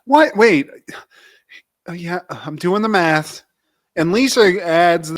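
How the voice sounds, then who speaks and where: A man co-hosting a chatty podcast recap, his voice sitting a bit high for a man. He tells the story loosely and laughs along as he goes, often turning to his co-host by name. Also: expressive, slow, pauses often. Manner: keeps addressing co-host by name.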